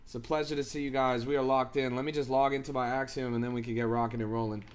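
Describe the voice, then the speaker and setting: A man's voice: medium pitch, fairly even intonation, quick pace, clean tone. A man hosting a crypto live stream, giving hyped, slangy commentary and talking straight to his chat. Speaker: crypto livestream host.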